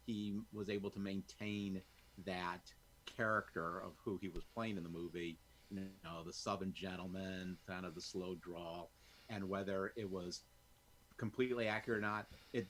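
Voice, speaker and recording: A man's voice: deep voice, fairly bright tone, slight background noise. A man who works as a voice actor, chatting genially as a guest on a film podcast. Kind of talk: casual film discussion.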